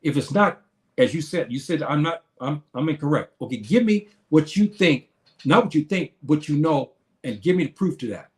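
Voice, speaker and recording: Reading viewers' comments aloud and answering them, a man lectures on a live stream in an animated, slightly high voice. He hesitates frequently and keeps restarting his sentences.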